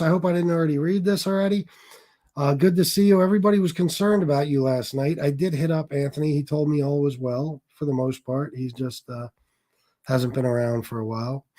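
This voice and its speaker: Blunt, profane livestream host, slightly high voice. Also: male voice, warm tone. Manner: blunt, profane, repeats himself, restarts sentences. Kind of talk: casual livestream rant.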